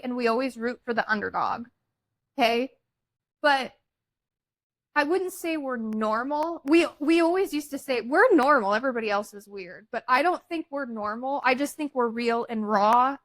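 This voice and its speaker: Middle-aged woman podcast host, high bright voice, chatty storyteller, dry close sound. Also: dry recording, rough recording. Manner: chatty, teasing, retells stories with quoted dialogue. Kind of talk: casual chat.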